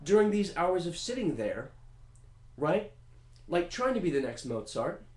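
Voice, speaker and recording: Animated, swearing man in an echoey room. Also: fairly high pitch, unhurried. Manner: animated, profane, rambling with fillers. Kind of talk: comedic casual monologue. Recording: roomy echo.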